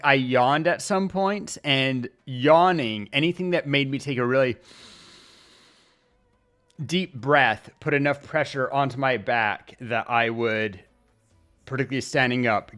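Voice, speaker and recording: Smooth-voiced man chatting casually on stream. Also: medium pitch, a bit bright. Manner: rambling, chatty, many pauses and restarts. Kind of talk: casual livestream chat. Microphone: desk mic at streaming setup.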